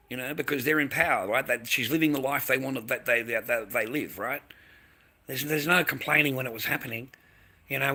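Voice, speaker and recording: A man's voice: mid-range voice, bright, forceful tone. An Australian man ranting on a live stream, aggressive and profane, repeating himself and snapping back at viewers in chat. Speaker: livestreamer. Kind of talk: angry live-stream rant.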